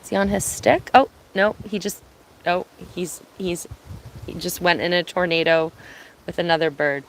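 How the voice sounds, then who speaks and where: A woman from Ontario chatting casually on an outdoor live stream, speaking softly, answering viewers and laughing easily, filming on her phone. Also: on the low side, normal speed, slight background noise, rough recording. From Ontario, Canada. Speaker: live-streaming bird watcher. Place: outdoors at a cottage. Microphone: phone on binoculars, held by hand.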